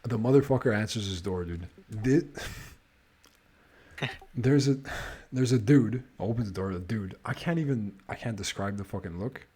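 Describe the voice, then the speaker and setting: A man's voice: fairly low pitch, normal speed, long pauses, warm tone, slightly rough. A man hosting a podcast, telling a casual story, swearing nonstop and sounding exasperated as he restarts his sentences. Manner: profane, swears constantly. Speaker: podcast host.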